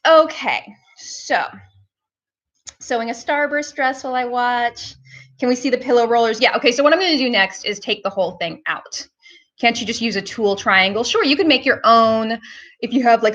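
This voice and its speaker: A woman's voice: fairly high pitch, fairly bright tone. A woman hosting a casual live-stream hair tutorial, chatting to her viewers with lots of fillers. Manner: chatty, filler-heavy, talks to viewers as "guys".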